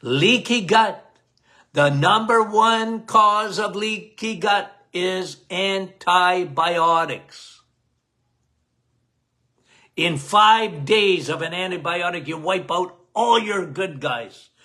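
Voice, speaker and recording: A man hosting a health podcast in a casual talk, loud and emphatic, repeating key phrases and calling listeners guys. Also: takes it slowly. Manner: loud, emphatic, cannot lower his volume.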